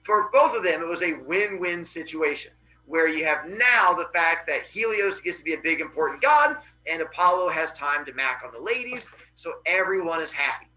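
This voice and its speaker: A man's voice: fairly high pitch, lively intonation, moderate pace, bright, forceful tone, rough recording. A male teacher in a classroom retelling a Greek myth in a casual, joking, slangy way and answering students.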